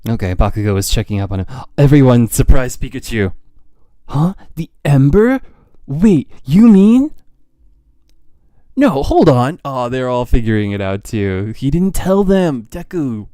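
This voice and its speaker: A young man giving live reaction commentary as a streamer. He is an excitable fan who gasps, laughs and trails off into restarts. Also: mid-range voice, moderate pace, smooth, no room sound, studio quality. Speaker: streamer reacting to a manga chapter.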